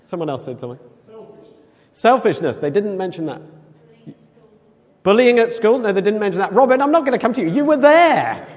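A man preaching a sermon in a conversational, animated way, acting out quoted voices. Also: sits high, a little fast, long pauses. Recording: long echo of a large hall.

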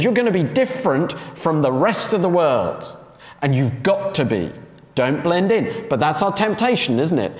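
Male preacher, emphatic sermon delivery with rhetorical questions, voice bright and lively, echoey hall sound. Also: sits high. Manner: emphatic, repeats key phrases and asks rhetorical questions. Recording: echoey hall with long reverb.

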